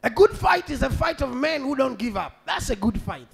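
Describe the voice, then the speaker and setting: High, gravelly preaching man. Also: very animated, moderate pace. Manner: preaching with shouted peaks and sung phrases. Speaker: pastor. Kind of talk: sermon.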